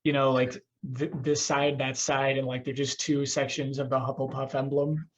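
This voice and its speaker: A man's voice: medium pitch, level tone, normal speed, poor audio. A man hosting a podcast, chatting casually, joking and swearing, rambling with restarts. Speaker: podcast host.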